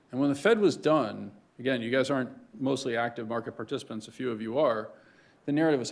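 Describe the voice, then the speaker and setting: A man's voice: mid-range voice, darkish tone. A man giving a conversational lecture to a room of students as a guest speaker, often checking in with "right?". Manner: conversational, keeps asking "right?".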